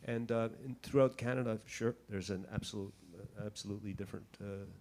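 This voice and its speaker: Man, from Quebec, band member, low voice, hesitant explaining. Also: steady tone, quick pace, darkish tone. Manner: hesitant, full of fillers. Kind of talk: casual explaining in an interview.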